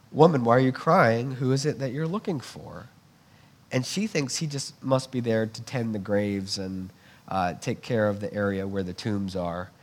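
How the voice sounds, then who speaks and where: Earnest man preaching conversationally. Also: medium pitch. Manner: earnest, conversational teaching with restarts. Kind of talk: sermon.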